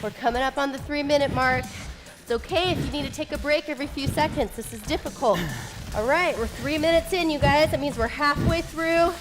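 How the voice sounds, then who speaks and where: High-voiced lady fitness coach, breathing hard, cheering everyone on over loud workout music. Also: brisk, few pauses. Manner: encouraging, upbeat coaching. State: getting out of breath. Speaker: fitness instructor. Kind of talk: follow-along workout coaching.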